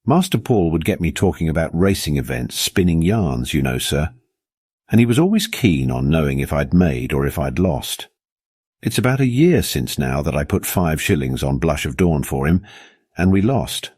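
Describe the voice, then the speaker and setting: A man's voice: rumbling low, very animated, moderate pace, darkish tone, no room sound, clean studio sound, heavily acted. A man voicing a respectful, earnest middle-aged servant who keeps calling his listener sir in a storybook reading. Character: deferential middle-aged male groom, secretive.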